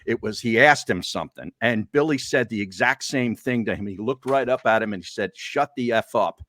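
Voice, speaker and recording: Low-voiced man, dry close sound. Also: a bit bright, no room sound. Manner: measured, agreeable, tells firsthand anecdotes. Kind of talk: casual golf chat.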